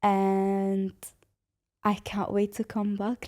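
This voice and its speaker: A woman's voice: medium pitch, fairly even intonation, moderate pace, mellow. A young woman from Syria hosting her own podcast, talking with passion and repeating phrases for emphasis, with many fillers like "like". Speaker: podcast host. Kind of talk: personal solo podcast talk.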